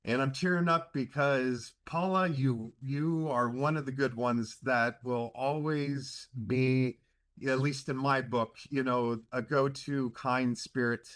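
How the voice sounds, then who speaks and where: A man chairing a committee, presenting an award in a halting, emotional way over a video call. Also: medium pitch, fairly even intonation, a bit bright. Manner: emotional, halting, many fillers.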